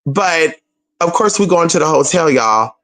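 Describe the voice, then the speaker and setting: A young adult streamer shares a personal story with viewers in a casual, animated and profane style, often calling them "y'all" and "girl." The voice is mid-range at a moderate pace.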